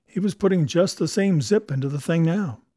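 A man's voice: on the high side, normal speed, mellow, no echo. A man narrating a comic novel in the first person, dry and wry.

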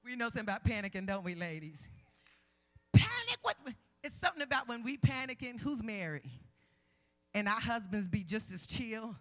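A woman guest minister preaching a sermon at a women's conference, swinging from low asides to loud shouted calls, with playful jabs at the congregation. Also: animated, brisk.

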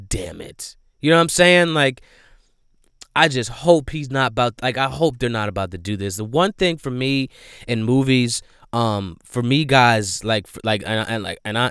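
A man's voice: lowish voice, a bit bright, clear, resonant tone, dry recording, clean studio sound. A man casually recapping a movie scene by scene, rambling with lots of "like" and "you know", and speaking earnestly and emphatically about how it made him feel. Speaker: movie reviewer.

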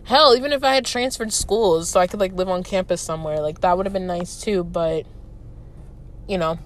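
A woman's voice: on the low side, moderate pace. Woman, twenties, solo podcast host, candid, emotional, casual swearing, faint hiss. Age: 20s. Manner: candid and emotional, swears freely, many fillers. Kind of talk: reflective solo podcast monologue.

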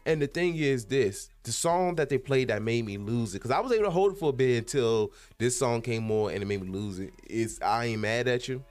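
A young man talking casually to his viewers as a YouTube host, rambling and animated, with lots of fillers and restarts. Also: medium pitch, brisk, few pauses. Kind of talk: casual vlog monologue.

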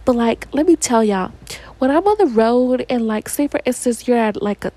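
Young american woman rambling on her podcast, kinda high voice, says like a lot. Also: expressive, normal speed, warm tone, no echo, poor audio. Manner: rambling, chatty, heavy use of "like". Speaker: podcast host. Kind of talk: casual solo podcast chat.

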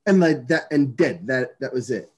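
A man's voice: medium pitch, animated, moderate pace, slightly rough. A man telling a long story in casual chat, rambling with many restarts, fillers and swear words.

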